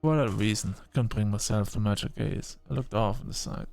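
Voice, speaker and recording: A man narrating a first-person science fiction story in an expressive manner, breaking off into short exclamations. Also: on the low side, fast talker, vocal fry, few pauses, faint music behind.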